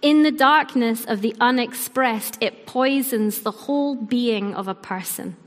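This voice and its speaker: A woman preaching a sermon in an earnest, measured way, with her line ends trailing off softly. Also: medium pitch. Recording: long hall reverb.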